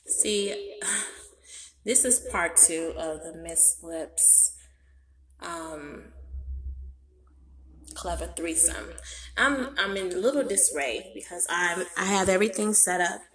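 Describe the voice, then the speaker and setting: A woman's voice: on the low side, takes it slowly, pauses often. Profane woman comic ranting in an echoey room. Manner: loud and profane, breaking into laughter. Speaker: comedian. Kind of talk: profane comic rant to an online audience. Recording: roomy echo, distant mic, faint music behind.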